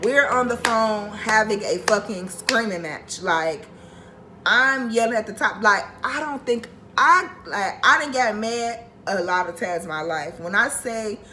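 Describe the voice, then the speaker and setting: Brief: young woman vlogger, storytime, bright sharp voice, profane, animated, worked-up delivery. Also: mid-range voice, a little slow, a little hiss or hum, rough recording. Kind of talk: storytime vlog.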